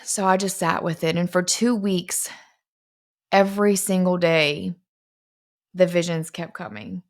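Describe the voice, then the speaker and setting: Young woman, earnest confessional storytelling, a bit low-pitched, slows for emotional points. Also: steady tone. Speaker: founder of a fitness company. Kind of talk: personal storytelling monologue.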